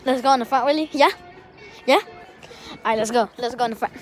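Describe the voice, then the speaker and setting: A woman chatting casually in a vlog, excitable and talkative, speaking to her dog in a backyard by a shed. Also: a little high, quick pace, faint music behind. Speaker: vlogger.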